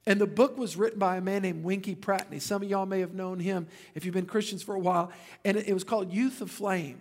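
A man's voice: sits high, steady tone, quick pace. A man, preaching a sermon and telling stories with joking asides to the congregation. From Louisiana. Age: 50s. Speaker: pastor.

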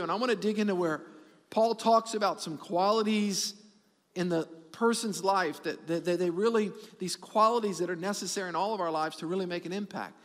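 A middle-aged man preaching a sermon as pastor, animated and repetitive for emphasis, joking with his congregation. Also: sits high, long reverb tail.

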